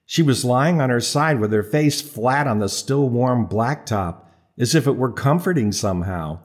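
Guy reading an audiobook story, wry dry humor, mid-pitched voice. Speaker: narrator. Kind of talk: audiobook narration.

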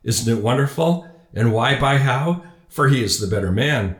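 A man's voice: mid-range voice, expressive, normal speed, echoey room, lightly acted. A man doing a pompous, gloating old father. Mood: triumphant. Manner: pompous, triumphant. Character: gleeful older loyalist father, pompous and blustering.

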